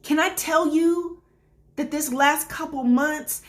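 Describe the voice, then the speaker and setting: A woman's voice: high voice, takes it slowly. A middle-aged woman life coach giving a motivational talk straight to her viewers, emphatic and repetitive like a preacher.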